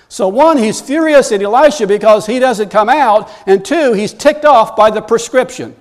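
High-voiced man preaching a lively sermon. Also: normal speed, few pauses. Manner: storytelling preacher, rising to loud animated bursts. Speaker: pastor.

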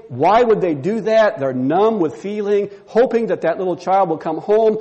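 A man's voice: sits high, warm tone. A middle-aged male pastor preaching a sermon, telling stories and acting out the voices of the people he quotes.

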